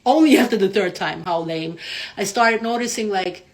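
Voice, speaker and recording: A woman telling a personal story to camera in casual style, animated, often adding "right?" and acting out what people said. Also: medium pitch, normal speed, gravelly. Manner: animated, frequent "right?" tags, acts out quotes. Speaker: storyteller vlogger.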